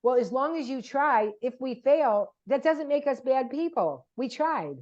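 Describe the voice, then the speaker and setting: An older woman speaks as a podcast guest with a somewhat high voice, telling her stories with emphasis and acting out the voices of the people she quotes. The recording is dull and lo-fi, with the top end rolled off. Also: animated, a little slow, darkish tone. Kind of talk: casual podcast chat. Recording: dull lo-fi sound.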